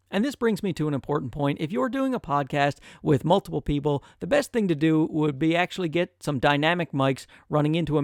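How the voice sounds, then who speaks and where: A man's voice: fairly high pitch, no room sound, clean studio sound. Nasal, chatty man reviewing gear. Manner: chatty, joking asides, frequent "uh" fillers. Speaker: tech reviewer, channel host. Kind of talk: casual product review. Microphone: close USB condenser mic with pop filter.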